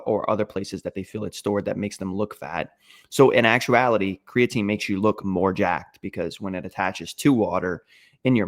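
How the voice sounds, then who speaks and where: A young adult man talking as a fitness coach on a podcast, emphatic and confident, with many fillers. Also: lowish voice. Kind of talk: casual podcast explanation.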